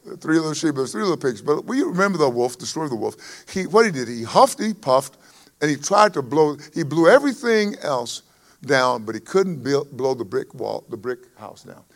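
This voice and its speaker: High-voiced man preaching emphatically. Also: very animated, fairly quick. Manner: emphatic preaching that swells and drops in volume. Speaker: pastor. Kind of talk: sermon.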